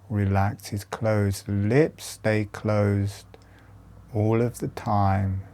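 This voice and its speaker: Very slow, soft-spoken male meditation guide. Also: lowish voice, creaky. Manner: slow, soft, calm instructions with long pauses.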